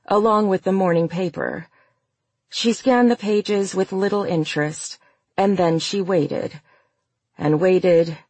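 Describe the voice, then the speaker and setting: A narrator reading a novel aloud in a measured, even storytelling manner. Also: medium pitch, breathy edge, no echo. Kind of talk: audiobook narration.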